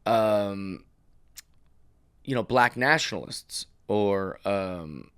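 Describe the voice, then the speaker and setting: A man's voice: on the low side, very slow, fairly bright tone, clean tone. A middle-aged man hosting his own comedy podcast, ranting in a casual monologue and slipping into mocking voice impressions.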